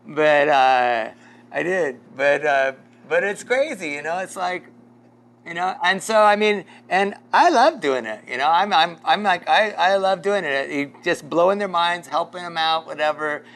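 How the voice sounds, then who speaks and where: A pastor leading a casual Bible study, rambling through a story with lots of fillers and chuckles. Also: male voice, a little high, measured pace, fairly bright tone.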